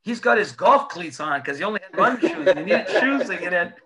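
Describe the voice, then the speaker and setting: A man, a former hockey player, telling animated, profane anecdotes in a casual chat, laughing as he goes. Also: sits high, a little fast, crowd noise.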